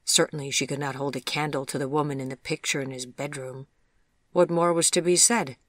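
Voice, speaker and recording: A gentle, measured audiobook narrator reading a storybook tale at a middle pitch. The delivery is even and unhurried, recorded close and dry. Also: no echo.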